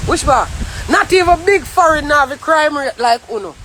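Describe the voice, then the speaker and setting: A woman with a Jamaican accent in a heated, profane ranting monologue, often shouting. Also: high-pitched, lively intonation, normal speed, a little hiss or hum. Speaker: vlogger.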